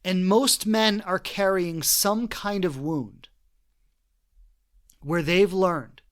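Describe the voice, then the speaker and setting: On his relationship podcast, a man with a high voice talks slowly and earnestly. He reflects at length on his own and recounts stories, acting out what people said.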